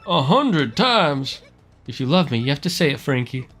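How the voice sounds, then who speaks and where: A man's voice: fairly high pitch, big pitch swings, normal speed, a bit bright. A man voicing a clingy, melodramatic lovestruck woman with a Southern belle drawl, gushing and demanding. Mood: pleading.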